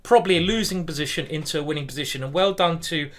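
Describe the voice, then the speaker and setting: Guy chatting on a chess stream, says hi to chat a lot, bit high. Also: quick pace. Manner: chatty, greets viewers by name, lots of ums. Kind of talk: casual live-stream commentary.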